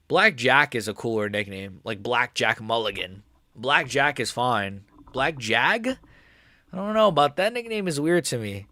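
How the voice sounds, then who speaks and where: A young man hosting a live fight watch-along stream, reacting casually and swinging between nervous mumbling and excited shouting. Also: medium pitch, no echo, clean studio sound.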